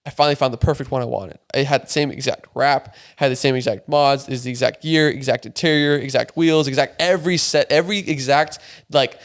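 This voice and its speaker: A young adult man with a medium-pitched, steady voice tells a story as a podcast guest in casual chat. He talks rapidly, swears often, and packs his speech with filler words.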